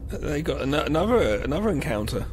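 A man's voice: a little high, sing-song, brisk. A man co-hosting a podcast, joking playfully and slipping into silly voices mid-sentence. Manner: playful, jumps between voices, jokey asides. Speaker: podcast co-host. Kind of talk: casual chat.

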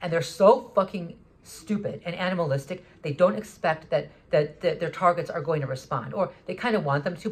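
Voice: medium pitch, a bit bright. A vlogger talking in an agitated, rambling monologue, often restarting sentences and swearing. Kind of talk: monologue recounting an encounter.

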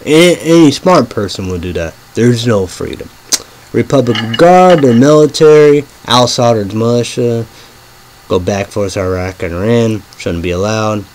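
A man rambling in a halting monologue, full of fillers, dropping to a murmur and then bursting out loud and swearing. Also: medium pitch, lively intonation, slight background noise, low-quality recording. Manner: swings from murmuring to sudden loud outbursts. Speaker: vlogger.

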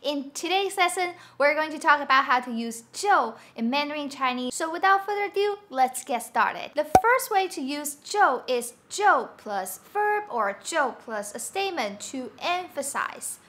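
Bright, high-voiced woman teaching Mandarin. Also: lively intonation, a little hiss or hum. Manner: upbeat, explains slowly with examples. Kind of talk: online language lesson.

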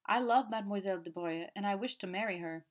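A man's voice: high voice, a bit bright. A woman voicing a haughty, hot-tempered young man who turns sullen and defiant. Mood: admitting. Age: young adult. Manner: sullen, quick to flare up.

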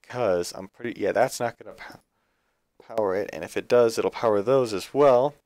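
A man's voice: fairly low pitch, moderate pace, darkish tone, no echo. A man streaming a building game live, thinking aloud in a chatty, self-correcting way. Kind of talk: live gameplay commentary.

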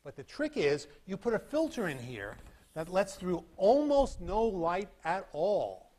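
A man giving a university physics lecture in a hall, animated and demonstrating with sound effects. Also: sits high, unhurried. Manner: animated, acts out beeping sounds and demonstrates with props. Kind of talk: classroom lecture.

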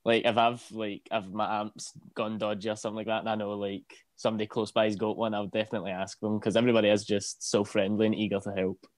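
Scottish man, friendly musician guest, low voice, fast talker, dry sound. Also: level tone, no room sound. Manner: friendly, quick and chatty. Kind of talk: casual panel chat.

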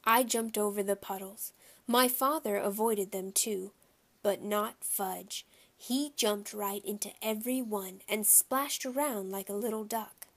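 A woman reading a children's chapter book aloud, telling the story in a clear, lively way. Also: medium pitch, a little slow. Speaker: audiobook reader.

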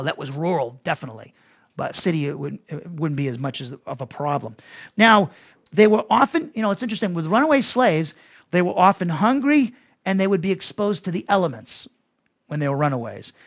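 A man's voice: high-pitched, fairly bright tone. A man teaching a Bible lesson as pastor, talking conversationally with restarts and asides to his listeners.

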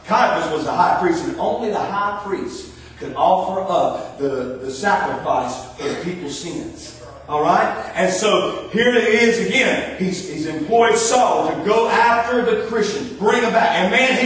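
A man's voice: very high-pitched, a bit bright, slight background noise. A man preaching a sermon as pastor, building to fervent hallelujahs. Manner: rising fervor, repeated hallelujahs. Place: church sanctuary. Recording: echoey church hall from far off.

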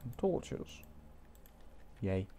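A man's voice: drawn-out words, mellow, slight background noise. A young man from Wales, talking himself through a video game, muttering and swearing casually. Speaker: gaming channel host. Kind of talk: let's play commentary.

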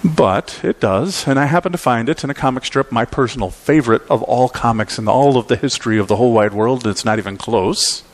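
A man's voice: mid-range voice, brisk, few pauses. A male pastor preaching a sermon, telling a story with emphatic repeats.

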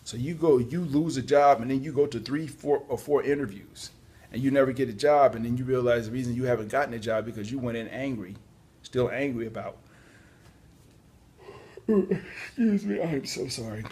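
A man's voice: medium pitch, fairly even intonation, a little fast, darkish tone, husky. A tired man giving casual, chatty job-search advice, yawning at times and adding apologetic asides. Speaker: podcast host on job search. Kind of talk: casual spoken advice talk.

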